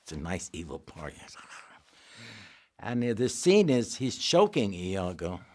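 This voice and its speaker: An older man, an actor, telling lively stories in an interview and acting out the voices. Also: deep voice, measured pace. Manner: animated, acts out voices in his stories. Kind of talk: anecdotal interview storytelling.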